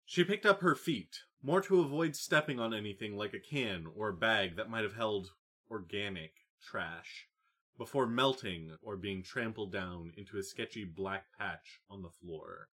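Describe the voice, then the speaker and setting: A man narrating a novel audiobook in a calm, even reading. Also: lowish voice, a little slow, slightly rough. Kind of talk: scripted narration.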